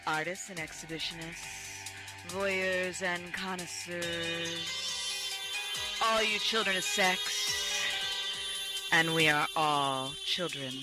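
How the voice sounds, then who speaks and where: A woman hosting a live radio talk show, theatrical and flirtatious, broadcasting from a club with music in the background. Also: on the low side. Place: club studio with music playing.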